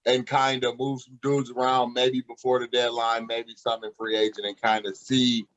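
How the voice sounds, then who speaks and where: A man co-hosting a sports podcast, explaining his view in a calm, measured way. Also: medium pitch. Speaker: podcast co-host. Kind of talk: casual sports debate. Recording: dull lo-fi podcast audio.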